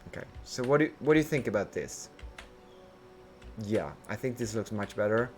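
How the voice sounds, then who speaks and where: Low-voiced man thinking aloud while playing. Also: lively intonation, moderate pace, soft background music. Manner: rambling, self-questioning, thinking aloud. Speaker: gameplay streamer. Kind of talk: casual gameplay commentary.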